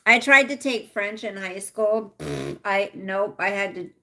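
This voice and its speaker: A woman's voice: medium pitch, animated, a little slow, creaky, pushed and bright. A middle-aged woman casually chatting with viewers on a livestream, reading out their comments. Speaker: livestream host. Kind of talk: casual live chat with viewers.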